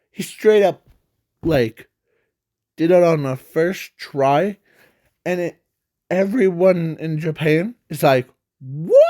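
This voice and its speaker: A man's voice: fairly high pitch, a little mellow, no echo, clean studio sound. A man telling an unscripted fan story in a rambling, hesitant way, full of fillers and self-corrections.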